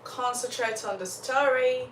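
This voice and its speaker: Speaking at a measured pace in a high voice with fairly even intonation, a young woman from Uganda chats casually with livestream viewers. She laughs a lot and has a slight cough, seeming a little unwell. The audio is distant and roomy, with faint noise behind her.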